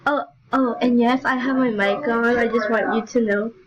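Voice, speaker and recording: A woman's voice: a little high, fairly even intonation, normal speed, noisy background. A teenage girl vlogging in a casual chat, giggly and rambling, poking fun at herself. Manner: giggly, rambling, self-mocking. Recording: dull lo-fi audio with loud music. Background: loud background music.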